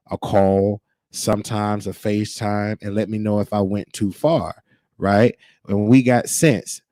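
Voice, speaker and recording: A man with a lowish, mellow voice hosts his own show from Texas in a casual livestream monologue, with no echo. He's emphatic and preachy, hammering his points by repeating them.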